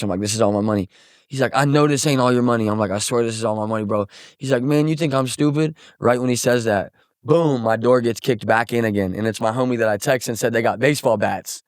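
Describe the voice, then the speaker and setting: A man's voice: on the low side, steady tone, fast, no room sound, studio quality. A young man from Missouri, a musician guest, telling a story casually and acting out quotes with lots of swearing.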